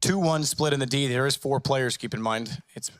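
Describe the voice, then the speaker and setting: A man calling an esports match, quick and excitable, often correcting himself mid-sentence. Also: medium pitch, dry recording, studio quality. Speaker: esports caster. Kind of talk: play-by-play commentary.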